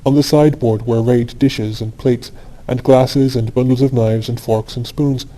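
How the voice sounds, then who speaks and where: Guy reading a bedtime audiobook, mellow voice, calm and steady. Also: medium pitch, moderate pace, poor audio. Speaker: audiobook narrator. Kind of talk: scripted narration of a classic story for sleep.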